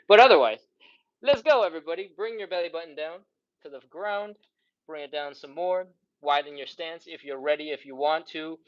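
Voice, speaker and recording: In dull audio, a stretching instructor with a fairly high voice runs a live follow-along workout at a moderate pace. Between counting down holds, he sighs as he stretches and catches his breath.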